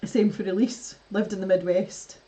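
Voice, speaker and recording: A woman from the West Coast of Scotland with a softened West Coast Scottish accent, chatting casually on a livestream, laughing often and restarting her sentences. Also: medium pitch, fairly even intonation, normal speed, husky. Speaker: art livestream host. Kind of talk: casual chat reading live comments.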